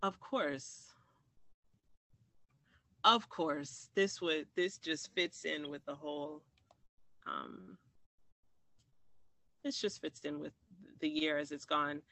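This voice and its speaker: A man's voice: a little high, steady tone, slow, vocal fry, long pauses, bright, forceful tone, no echo. A man from Maryland telling a personal story in an interview, reflective, with restarts and acted-out quoted dialogue. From Maryland, USA.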